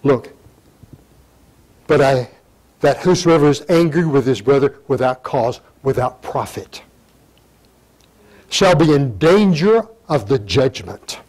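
An older man giving a sermon, reading scripture in old-fashioned wording and breaking into sudden loud emphatic rises. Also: medium pitch, animated, slow pace, pauses often, poor audio. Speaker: pastor.

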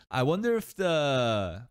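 A man's voice: fairly high pitch, wildly swooping pitch, drawn-out words, gravelly, no echo. A man hosting an anime reaction, chatting casually with slang, jokes and frequent laughs. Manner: chatty, laughs often, playful slang and mock shouts.

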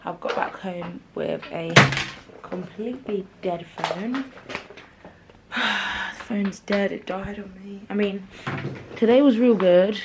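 Young girl vlogging on her phone, bit hoarse, rambly and full of slang, noisy audio. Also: mid-range voice. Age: young adult. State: slightly hoarse. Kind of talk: casual vlog chat to camera.

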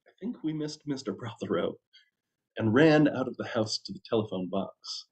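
A man, a minister, reading a story aloud at a church service with an expressive storytelling delivery. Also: medium pitch, moderate pace.

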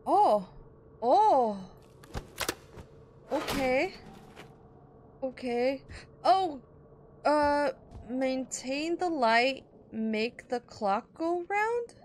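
A young woman, a gaming YouTuber, plays a horror fan game and narrates for herself and her viewers, gasping often and startling easily. Her high-pitched, expressive voice draws out words between long pauses, over a slight hiss or hum.

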